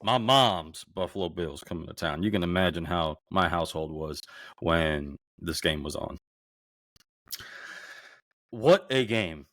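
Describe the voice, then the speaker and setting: A man co-hosting a podcast, swearing and talking excitedly about a football game, his voice worn from shouting. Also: deep voice, unhurried, pauses often, dry recording, studio quality. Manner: profane, excitable fan banter. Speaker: podcast co-host. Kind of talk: casual sports chat.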